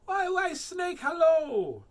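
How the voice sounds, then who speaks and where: A cocky little mouse chirps and brags in a high, excited squeak, as a man reads the storybook aloud. It swoops up and down as it boasts, sounding far too sure of itself for its size. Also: takes it slowly, exaggerated voice. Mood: cheery greeting. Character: small clever boastful mouse.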